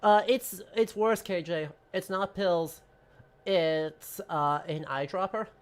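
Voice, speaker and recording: A chatty man hosting a game stream, rambling and poking fun at himself as he plays. His voice sits slightly high. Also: slow, clear, resonant tone. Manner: chatty, self-deprecating, rambling. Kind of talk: casual let's-play chat.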